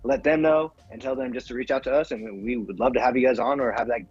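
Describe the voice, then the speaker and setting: A man's voice: mid-range voice, steady tone, quick pace, a little mellow, husky, dull audio, soft background music. A man co-hosting a casual chat, talking hesitantly with many fillers and laughing often. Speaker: co-host.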